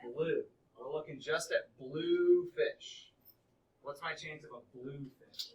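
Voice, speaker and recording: A man's voice: a little high, slow pace, a little mellow. A man teaching a middle school math class, quizzing students in an upbeat, coaxing way. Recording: echoey classroom from far off.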